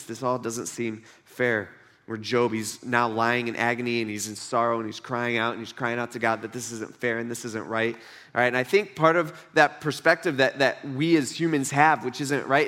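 A man's voice: a little high, a bit bright. A young man preaching a sermon in a conversational way, acting out quoted voices.

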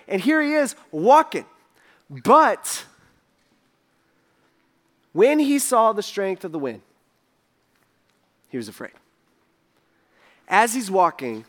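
A man's voice: sits high, a bit bright. A man giving a casual sermon as a pastor, talking loosely with lots of "like" and acting out voices in his quotes. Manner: conversational, full of "like", voicing characters in quotes.

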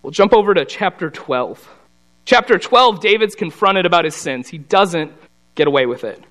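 A man with a notably high voice for a man leads a relaxed Bible lesson. He talks through the story like a conversation and drops into quick character voices for the people in it. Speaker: Bible study teacher. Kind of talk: casual Bible teaching.

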